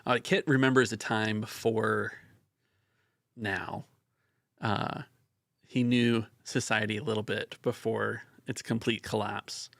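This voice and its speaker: A man's voice: on the low side, flat delivery, slow, creaky, fairly bright tone, no room sound, clean studio sound. A man chatting casually as a tabletop game player, joking at his own expense. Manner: self-deprecating, joking.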